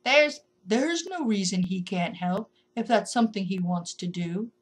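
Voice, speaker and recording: A woman voicing a wise old male stone that rumbles and speaks slowly. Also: lively intonation, husky. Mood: calm. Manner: slow, rumbling.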